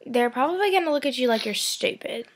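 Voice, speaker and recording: A woman's voice: high voice, animated, fast talker, husky. A teenage girl chatting casually with a friend, giving dating advice in a giggly, filler-heavy way. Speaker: vlogger.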